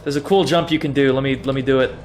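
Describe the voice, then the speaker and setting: A man's voice: medium pitch, fairly even intonation, very fast, soft background music. A young man casually talking through a game on a livestream, chatty and self-mocking, swearing freely and laughing often. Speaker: streamer. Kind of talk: casual gaming livestream commentary.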